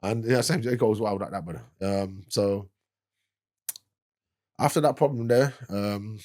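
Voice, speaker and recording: A man's voice: on the low side, measured pace, a little mellow. A man with a London accent telling a wild story from his past as a podcast guest, in loose street slang and laughing as he goes. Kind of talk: casual storytelling.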